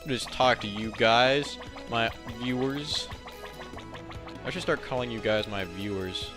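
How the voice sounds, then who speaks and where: A man's voice: medium pitch, measured pace, over music. A man casually commenting as he plays a game, laid-back with mumbled asides. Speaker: let's play host.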